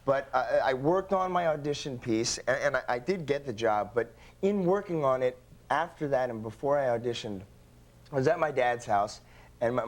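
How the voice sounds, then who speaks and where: A young adult man, an actor guest on a talk show, telling stories in a casual, animated way and acting out the voices in them. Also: medium pitch. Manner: animated storyteller, acting out voices in his anecdotes.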